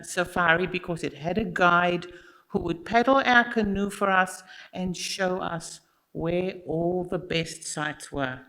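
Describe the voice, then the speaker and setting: Slow, gravelly storyteller. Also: medium pitch, poor audio. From Australia. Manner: unhurried and expressive, addressing listeners directly. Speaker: children's story teller at church. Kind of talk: told story in a church service.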